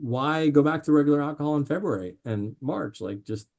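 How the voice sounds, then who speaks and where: A man talking as a guest on a podcast, telling animated stories with lots of fillers and restarts. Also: a little high, brisk, creaky. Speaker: podcast guest, drink company founder. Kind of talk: casual interview chat.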